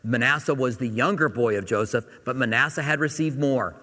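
A man gives a sermon in a relaxed, folksy manner, talking the Bible through like a chat with his congregation. His voice sits at an ordinary middle pitch. The sound carries a long reverb from a large church hall. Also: brisk. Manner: conversational, folksy Bible teaching. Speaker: pastor.

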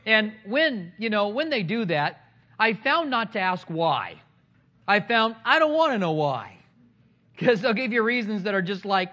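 A man with a high, light voice preaches to his congregation, mixing scripture with humorous, animated anecdotes. The recording sounds slightly dull and lo-fi. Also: normal speed. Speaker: pastor. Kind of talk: sermon.

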